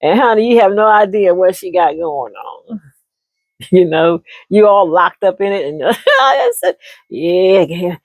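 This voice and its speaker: A woman's voice: medium pitch, big pitch swings, unhurried, dry recording. A woman telling a story and giving relationship advice in a casual monologue, laughing often and calling listeners honey.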